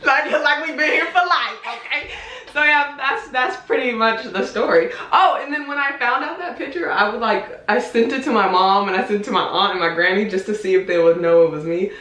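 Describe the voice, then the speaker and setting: A woman's voice: fairly high pitch, fairly quick, fairly bright tone. A young woman vlogger telling a family story in casual chat, acting out quotes and laughing often. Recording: echoey room.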